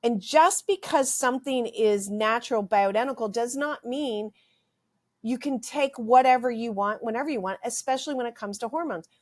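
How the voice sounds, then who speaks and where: A woman's voice: fairly high pitch, normal speed. A middle-aged woman hosting a health podcast, ranting emphatically and repeating phrases, her throat a little dry. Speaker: podcast host, health practitioner. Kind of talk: impassioned health podcast monologue.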